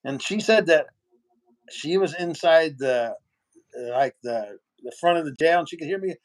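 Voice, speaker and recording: Male interview guest, higher voice, lively raconteur who voices the people in his story. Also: a little slow. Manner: animated storyteller, acts out other people's lines.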